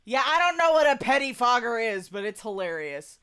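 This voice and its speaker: A woman's voice: a little high, lively intonation, a little fast, fairly bright tone, a little hiss or hum. A young woman hosting a game playthrough, chatting and reading the dialogue aloud. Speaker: let's play host. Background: game music.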